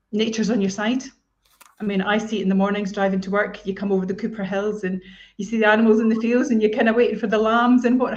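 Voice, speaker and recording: A woman's voice: medium pitch, a little mellow, highs cut off. A woman co-hosting a casual property advice chat, talking in a conversational way with tag questions. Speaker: estate agent co-host.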